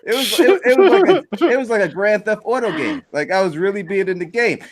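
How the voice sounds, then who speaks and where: A man hosting a casual chat, telling animated stories and laughing often. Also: high voice, fairly quick. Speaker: host.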